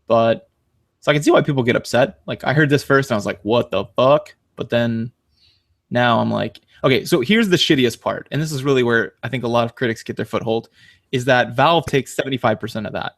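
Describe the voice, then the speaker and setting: A man's voice: medium pitch, brisk, dry recording. Rambling male podcast host, dry sound. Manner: rambling, lots of fillers and restarts; animated storyteller, laughs while talking. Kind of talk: casual chat.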